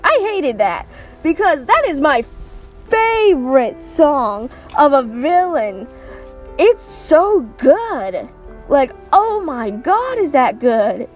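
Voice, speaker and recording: Animated, sarcastic woman ranting about movies. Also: sits high. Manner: sarcastic, swears, acts out quotes. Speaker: movie reviewer vlogger. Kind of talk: casual ranting review.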